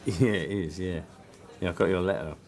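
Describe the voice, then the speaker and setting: A man's voice: sits low, normal speed, creaky, a little mellow. A man in a scripted sitcom, trading wry, self-mocking banter. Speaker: lead character in a sitcom.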